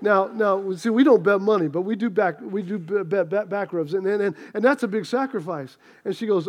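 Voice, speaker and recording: A middle-aged man with a very high voice preaches a sermon. He talks in a chatty, self-deprecating way and slips into a humorous personal story. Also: fairly quick, a little mellow. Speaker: pastor.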